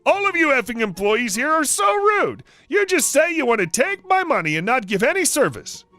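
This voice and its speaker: A man doing a shrill, demanding angry woman. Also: lively intonation, moderate pace, a bit bright, soft background music. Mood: indignant. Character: shrill entitled angry middle-aged woman customer.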